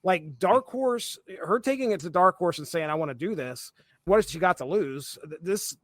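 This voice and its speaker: Rambling man with a higher voice. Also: animated, normal speed, no echo. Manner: rambling, hesitant, with many fillers. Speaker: podcast co-host. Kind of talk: casual chat.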